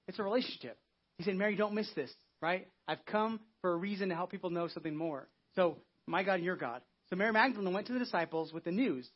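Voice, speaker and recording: Casual pastor, male, high husky voice, chatty delivery, dull lo-fi church recording. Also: brisk. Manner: conversational, acting out biblical quotes. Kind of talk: Easter sermon.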